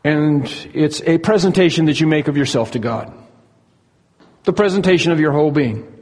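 A man preaching an earnest expository sermon, slowing down to stress key words. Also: fairly high pitch, a little mellow, slightly rough, in a large hall.

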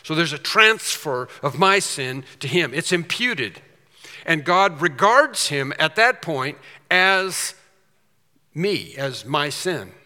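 A man preaching an expository sermon, emphatic, slowing down and repeating phrases for stress. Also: on the high side, sing-song, sharp tone. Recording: long hall reverb.

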